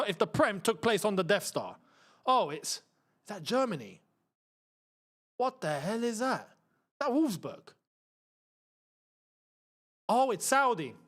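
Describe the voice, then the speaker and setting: A young man with a London accent hosting a live football watchalong, chatting excitably and muttering to himself as he fiddles with the screen. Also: sits high. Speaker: football channel host.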